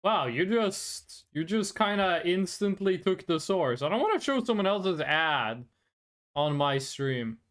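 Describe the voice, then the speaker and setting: A VTuber streamer chatting casually and playfully with viewers during a live stream, quick to laugh. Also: medium pitch, sing-song, a bit bright.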